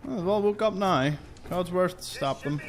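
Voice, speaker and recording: A man's voice: high voice, moderate pace, over music. A man giving chatty, joking let's-play commentary. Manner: chatty and jokey. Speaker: gaming youtuber.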